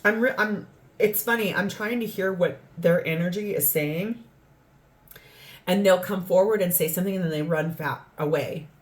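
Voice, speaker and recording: In a lowish voice at a moderate pace, a tarot reader delivers her reading aloud, earnest and rambling, now and then acting out what people say.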